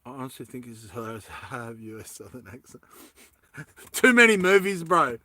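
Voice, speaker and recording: A man's voice: medium pitch, very animated, brisk, sharp tone, slight background noise. A man talking to his viewers in a rambling comic monologue, chatty and laughing between thoughts, full of casual slang. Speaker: vlogger.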